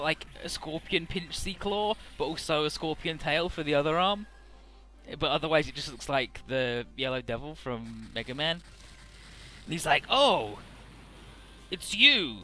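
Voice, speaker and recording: A young Let's Play commentator speaks at normal speed in a slightly high, bright, forceful voice. He rambles profanely over a video game playthrough, retelling things jokingly.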